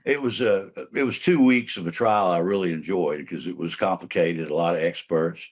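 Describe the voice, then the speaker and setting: His voice sits low and his pace is moderate. In a casual interview, this older trial lawyer and mediator rambles through a long story about a case, full of restarts and filler words.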